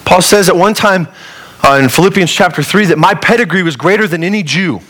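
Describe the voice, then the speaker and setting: A man from Colorado preaching a sermon as a pastor, earnest and conversational, with humorous asides and wide swings in pitch and loudness. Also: brisk. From Colorado, USA.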